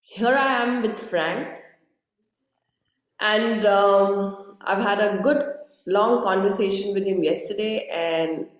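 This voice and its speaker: A woman's voice: medium pitch, slow. A woman from India hosting a live interview, sounding groggy and speaking in an earnest, effusive way that repeats words. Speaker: host. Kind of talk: live-streamed interview introduction. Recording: very echoey room.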